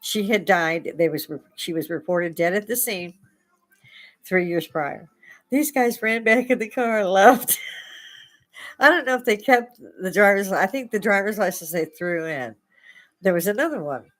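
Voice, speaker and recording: A woman's voice: medium pitch, normal speed. A woman hosting a casual chat, telling spooky stories and laughing often as she goes. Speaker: host. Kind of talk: casual storytelling.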